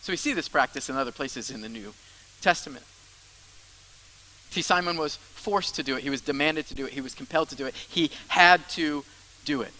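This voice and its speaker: A man's voice: mid-range voice, quick pace, pauses often, pushed and bright, poor audio. A man preaching a sermon as the church's pastor, in a conversational style with asides and repeated phrases.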